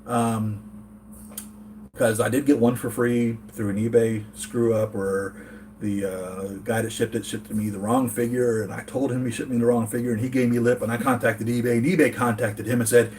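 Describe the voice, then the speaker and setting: A man's voice: medium pitch, fairly even intonation, normal speed, a little mellow. Brief: rambling, earnest American male toy-collector host at home, mid-range voice, faint background hum. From United States. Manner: rambling, earnest, reads chat comments aloud. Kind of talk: casual live-chat vlog.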